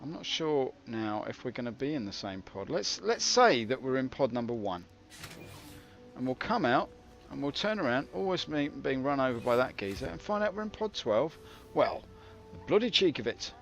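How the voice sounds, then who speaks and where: A British man giving wry, rambling commentary while streaming a game. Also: mid-range voice. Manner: wry, rambling, self-mocking. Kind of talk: casual livestream commentary. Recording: dull lo-fi with faint hiss.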